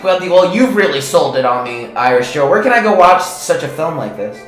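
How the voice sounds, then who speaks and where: A man's voice: fairly high pitch, big pitch swings, brisk, fairly bright tone. Loose, joking man hosting a podcast. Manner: joking, loose, swears a lot. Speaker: podcast host. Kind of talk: casual comedy chat. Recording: echoey room with faint music.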